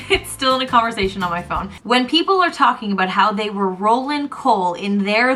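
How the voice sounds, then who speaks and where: A young woman from Canada vlogging in a casual, comedic way, animated, with frequent laughter and sarcastic asides. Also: a little high.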